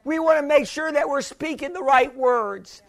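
High-voiced male pastor preaching. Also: moderate pace. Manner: emphatic, repetitive, calls for amen. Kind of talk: sermon.

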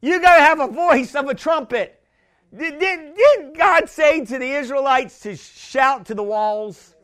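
A man preaching a sermon in an emphatic, repetitive way that builds up to shouting. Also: very high voice, measured pace.

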